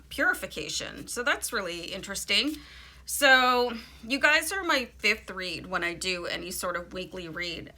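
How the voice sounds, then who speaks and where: A woman's voice: mid-range voice, bright, forceful tone, a little hiss or hum. A woman giving a casual, chatty tarot reading, informal and playful, with frequent fillers and asides. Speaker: tarot reader.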